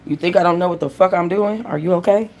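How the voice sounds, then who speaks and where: A woman's voice: lowish voice, quick pace, darkish tone, slight background noise. Heated, profane young woman ranting. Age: young adult. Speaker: host. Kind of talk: casual gossip commentary.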